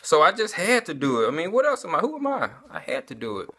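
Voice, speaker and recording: A man's voice: a little high, huge pitch swings, quick pace, fairly bright tone, breathy edge. A man giving a casual personal testimony, talking conversationally and often addressing his listeners as y'all.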